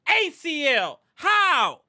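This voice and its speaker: A woman's voice: high voice, huge pitch swings, drawn-out words, pushed and bright. A woman hosting a live sports reaction stream, ranting in anger and frustration with repeated outbursts. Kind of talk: live fan reaction rant.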